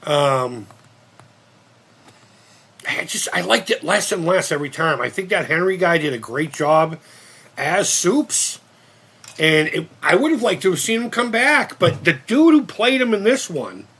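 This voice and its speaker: A man's voice: high-pitched, lively intonation, a little slow, long pauses, a bit bright, breathy edge. A man of fifty hosting a casual live-stream chat, rambling and cursing with many restarts. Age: 50s. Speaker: channel host.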